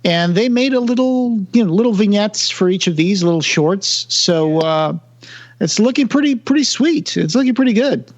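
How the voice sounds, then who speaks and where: A man's voice: high voice, animated, moderate pace, highs cut off. A man co-hosting a podcast in casual chat, talkative and self-deprecating, full of fillers and restarts. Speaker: podcast co-host.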